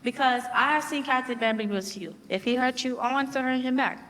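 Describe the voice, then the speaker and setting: A woman's voice: high-pitched, fairly quick, fairly bright tone. A headstrong young daughter, played by a woman talks back defiantly. Her voice trails into a long hall reverb. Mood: pleading. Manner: defiant, pleading.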